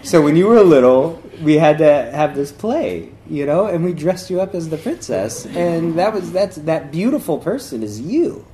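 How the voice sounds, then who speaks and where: A man's voice: fairly high pitch, big pitch swings, normal speed, few pauses, warm tone, slight background noise, voice pushed up. Patient palace handler, as a man voices him. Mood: gentle. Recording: echoey room.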